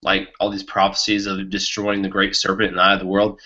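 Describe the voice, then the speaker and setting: A man co-hosting a casual book podcast, talking with excitement and laughing often. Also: deep voice, brisk. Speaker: podcast co-host. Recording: muffled lo-fi podcast audio.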